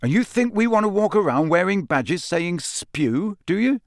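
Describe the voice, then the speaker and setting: A man's voice: high voice, very animated, moderate pace, no echo, clean studio sound, pitched above the performer's own voice. A man voicing a sarcastic, blunt teenage schoolboy in an audiobook. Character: lanky, sardonic teenage schoolboy, easily exasperated. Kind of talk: audiobook character voice.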